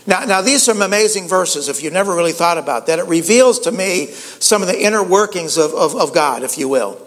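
A man's voice: sits high, lively intonation, fairly quick, big-room sound. A pastor preaching a conversational sermon, often repeating words and saying "you know" as he goes.

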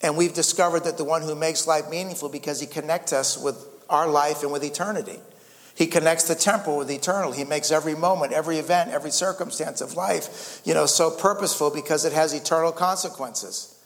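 A man preaching a sermon with a slightly high voice, in a loose, repetitive way, calling out "amen" and "friends" to his listeners. His voice rings with the long reverb of a large hall. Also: quick pace. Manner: repeats words and restarts, calls out "amen" and "friends". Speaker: pastor.

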